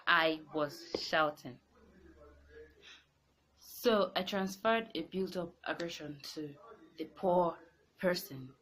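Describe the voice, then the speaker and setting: A woman, telling a personal story in an animated, exasperated way. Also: on the low side, takes it slowly, long pauses, slight background noise. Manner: animated, rising into exasperated outbursts. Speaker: vlogger. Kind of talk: casual storytelling to camera.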